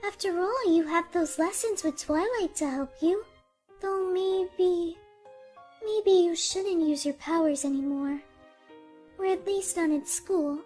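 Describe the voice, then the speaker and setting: A woman voicing a gentle mother mare. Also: extremely high pitch, slow, faint music behind. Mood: comforting. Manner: soft and soothing. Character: gentle soft-spoken mother mare, kind and patient. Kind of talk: fan-made animated film dub.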